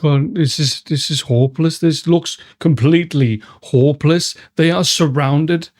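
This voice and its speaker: A man's voice: fairly high pitch, measured pace. A man hosting a live movie reaction, talking emotionally to the screen and swearing as he watches. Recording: noisy with loud film audio.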